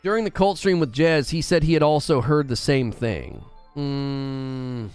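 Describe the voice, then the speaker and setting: A man hosting a gaming live stream and reacting to chat in an animated, incredulous way, with emphatic repetitions. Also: medium pitch, a little slow, clear, resonant tone, soft background music. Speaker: gaming video host.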